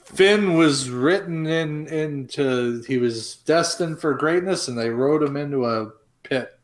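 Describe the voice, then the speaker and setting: A man's voice: fairly high pitch, unhurried. A man co-hosting a podcast, chatting casually about a movie with hesitant fillers and joking asides. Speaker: podcast co-host. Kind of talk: casual movie review chat.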